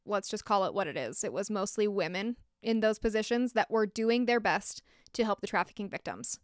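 Woman doing a true crime podcast, blunt, fired up, swears, smooth voice. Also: mid-range voice, a little fast, dry recording, studio quality. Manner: passionate, blunt, swears when angry. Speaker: podcast host.

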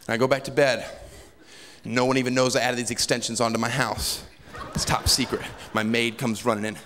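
A male stand-up comedian performing before a live audience, telling animated, sarcastic stories. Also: a little high, a little fast. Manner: animated storytelling, wry and sarcastic. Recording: echoey hall with audience crowd noise.

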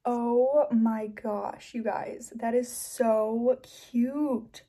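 A young woman vlogger chatting to camera, gushing with excitement and thanks as she opens gifts. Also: a little high, drawn-out words. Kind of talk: casual chat to camera.

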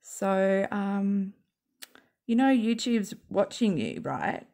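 Woman w a croaky gravelly voice, slow sarcastic rambling, smoking at home. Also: medium pitch, darkish tone. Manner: sarcastic, talks while smoking. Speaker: YouTube commentator. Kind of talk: rambling casual monologue.

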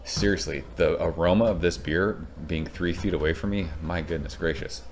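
Deep-voiced man from Southern California, thirties, chatty home beer-review vlogger, rambles, gets excited, swears casually. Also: normal speed, slight background noise.

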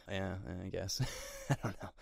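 Podcast co-host, man, low voice, dry close sound, loose rambling review. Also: gravelly, a little mellow, no room sound. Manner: rambling, many fillers and restarts. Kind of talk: casual movie review chat.

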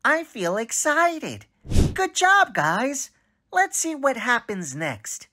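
A cheerful young boy in a children's cartoon, who talks straight to the kids watching. The voice is high and bright, with wide sing-song swoops. He speaks slowly and coaxingly and keeps asking questions. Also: sing-song, heavily acted. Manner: exaggerated, coaxing, asks the viewer questions. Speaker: narrator of a social story. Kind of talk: animated children's story narration.

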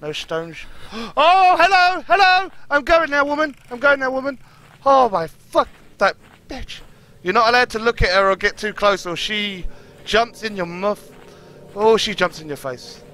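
A man's voice: very high voice, animated, a little slow, bright, forceful tone. A young man streaming a horror game live, swearing constantly and yelping at every scare. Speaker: gaming streamer.

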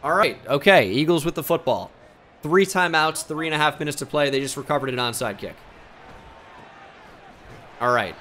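Excitable young man calling his own game. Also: on the high side, moderate pace, pauses often, slight background noise. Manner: excitable, mock sports-caster play-by-play with frustrated outbursts. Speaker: gaming YouTuber. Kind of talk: Let's Play commentary.

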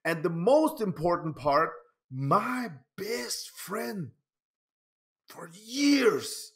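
A man, his voice sitting high for a man. He rants at an unhurried pace, swearing freely and stumbling over repeated words as he restarts his sentences. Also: big pitch swings, gravelly, fairly bright tone. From Denmark. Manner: swears often. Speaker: pinball YouTuber. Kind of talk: casual vlog rant.

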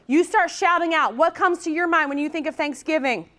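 High-pitched woman, lively conference workshop speaker. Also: a little fast. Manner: energetic, chatty, says "okay?" often. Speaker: workshop presenter. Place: conference room.

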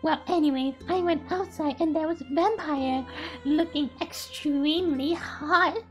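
A young woman streamer, excitable and giggly, chatting while gaming and reading a story aloud on a headset mic. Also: high voice, measured pace, soft background music. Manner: excitable and giggly, often apologizing.

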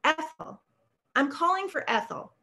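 A lonely old widower calling strangers, polite and a little hesitant, his voice pitched fairly high as a woman reads him aloud. He asks his questions carefully, like someone reaching out into the dark. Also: lively intonation, a little slow, exaggerated voice.

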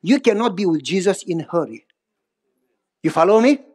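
A middle-aged man preaching a sermon, telling personal stories in an animated way with big pitch swings and repeated phrases. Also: normal speed. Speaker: pastor.

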